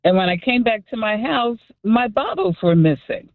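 A woman calling in to a radio show, telling a story in an amused, animated way. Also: a little high, normal speed, no room sound. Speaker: caller. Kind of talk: call-in storytelling. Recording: tinny phone line.

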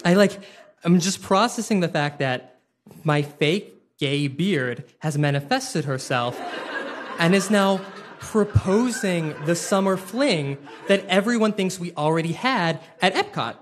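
A man's voice: high-pitched, expressive, slight background noise. Self-mocking young man telling a story. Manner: self-deprecating, quick-witted, many fillers. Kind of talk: live personal storytelling.

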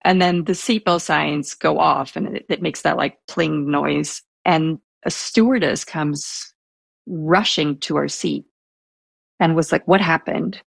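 A soft-spoken woman telling a personal story in a casual interview, hesitant and full of fillers. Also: sits low, slow pace, vocal fry, husky, no room sound. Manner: self-described introvert.

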